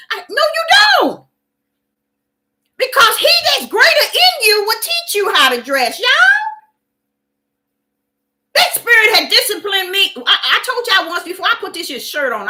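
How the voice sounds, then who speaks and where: Woman, preaching online, emphatic, repetitive, shouted bursts, high voice, bright and tense tone.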